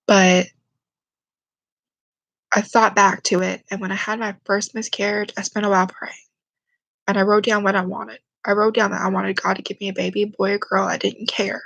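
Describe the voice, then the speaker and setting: A young woman speaks quietly and haltingly, holding back tears as she tells a personal story to camera. Her voice stays flat and level, with little rise or fall. The sound is dry and close, with no room echo. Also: mid-range voice, creaky. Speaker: vlogger.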